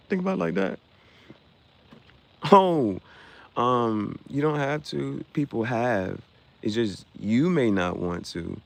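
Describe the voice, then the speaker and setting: A man's voice: on the high side, animated, normal speed, vocal fry. A young man hosting a casual livestream, joking and reacting to viewers' comments with frequent laughter. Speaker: livestream host.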